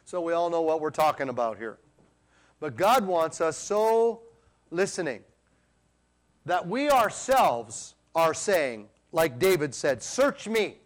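A man preaching a sermon, firing rhetorical questions at the congregation and swinging between quiet and loud passages. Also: high voice.

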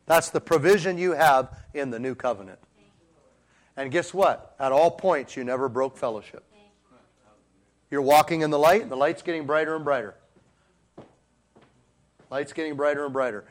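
A middle-aged man preaching a sermon to a congregation, swinging between emphatic calls and quiet asides. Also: on the high side, moderate pace, long pauses. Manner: preachy call-and-response, rising to emphatic peaks, dropping to quiet asides. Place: church before a congregation.

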